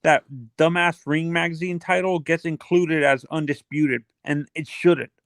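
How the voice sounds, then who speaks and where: A man in a casual sports debate, offering his view in a measured, considered way. His voice is slightly high for a man, and the sound is dry and close. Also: steady tone, a bit bright, dry recording. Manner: measured, shares opinion with qualifiers.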